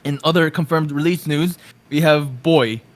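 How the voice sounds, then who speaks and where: A man's voice: a little high, moderate pace. A man co-hosting a casual podcast, easygoing and teasing, reading out a list of release dates. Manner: easygoing, teasing, laughs often. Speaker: podcast co-host.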